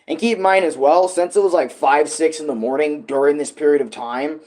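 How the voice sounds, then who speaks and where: A man's voice: a little high, a little fast, hardly any pauses, a little mellow. A man talking casually about making his song, rambling with lots of fillers and swearing. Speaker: music creator vlogging.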